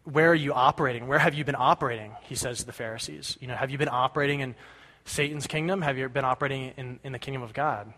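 A man's voice: medium pitch, steady tone, fast, bright, forceful tone. A man giving a conversational sermon as a pastor, talking casually and often checking in with his listeners. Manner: casual, keeps checking in with "right?". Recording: long hall reverb.

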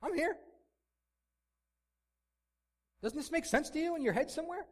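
A man's voice: extremely high pitch, expressive, very fast, mellow, pitched above the performer's own voice. A man putting on the voice of a glib, preachy man who offers tidy platitudes in a mocking, sing-song tone.

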